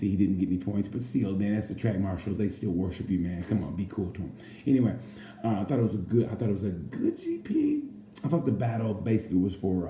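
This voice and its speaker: A racing commentator with a dark, lowish voice chats casually about a motorcycle race, rambling and joking and occasionally slipping into playful impressions. The recording sounds roomy, with faint background noise.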